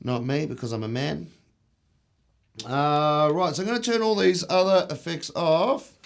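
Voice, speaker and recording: A man's voice: a little high, measured pace, gravelly. A man giving a casual demo of music gear, dropping dry jokes as he talks. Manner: dry, joking asides. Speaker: gear demonstrator.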